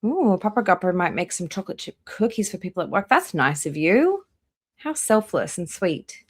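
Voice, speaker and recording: A woman hosting a live reaction stream, chatting casually and reading out viewer names one by one with drawn-out welcomes. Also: lowish voice, sing-song, slightly rough. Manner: drawn-out welcomes, trailing off quieter.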